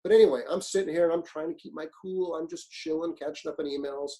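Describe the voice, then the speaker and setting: A middle-aged man leads a leadership webinar for firefighters, spinning stories in a blunt, salty style and slipping into little voices for the people in them. His voice sits a bit high for a man but sounds mellow and warm rather than bright. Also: quick pace, rough recording. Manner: animated storyteller, acts out quotes, blunt and profane. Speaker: fire service leadership instructor. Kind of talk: webinar presentation, storytelling. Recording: webinar, own presentation.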